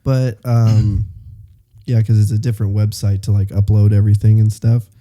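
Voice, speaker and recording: A young man co-hosting a podcast in loose, casual chat, quick to laugh and calling his friend "dude". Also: on the low side, flat delivery, dark tone. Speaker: podcast co-host.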